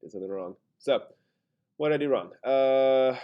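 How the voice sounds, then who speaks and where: A man's voice: mid-range voice, moderate pace, mellow, clear, resonant tone. A man teaching a grammar lesson in a casual way, thinking aloud and talking himself through his own mistakes. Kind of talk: screen-recorded grammar lesson.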